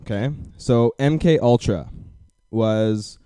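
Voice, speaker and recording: A man's voice: mid-range voice, takes it slowly, warm tone, clear, resonant tone, no echo, studio quality. A young man hosting a podcast, chatting casually and rambling with many fillers and restarts. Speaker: podcast host. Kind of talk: casual chat.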